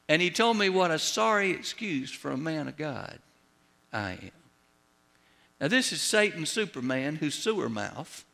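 A pastor telling a story and preaching a sermon with emphatic delivery. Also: male voice, on the high side, sharp tone. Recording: long hall reverb.

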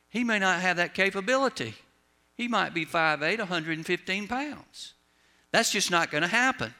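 Man, pastor, sermon, gravelly, slightly high. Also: expressive, moderate pace, bright, forceful tone. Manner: folksy storytelling preacher, drops his voice at line ends.

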